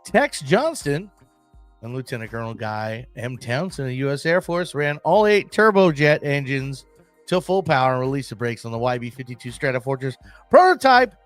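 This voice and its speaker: Excitable, slangy male podcast host. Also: fairly high pitch, dry recording. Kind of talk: casual solo podcast chat. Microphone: desk mic, screen-sharing.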